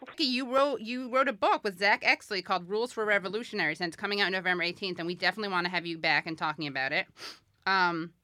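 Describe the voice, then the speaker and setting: A woman's voice: medium pitch, fast, pushed and bright, no echo. A woman hosting a political talk show, playful and bantering, often laughing with her co-host and guests. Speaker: podcast host.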